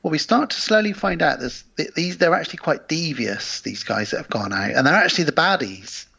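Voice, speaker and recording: Man, film podcast co-host, steady plot recap, bright edgy tone, muffled lo-fi audio. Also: on the high side, vocal fry, slightly rough. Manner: steady plot recounting, measured and explanatory. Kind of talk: casual film discussion.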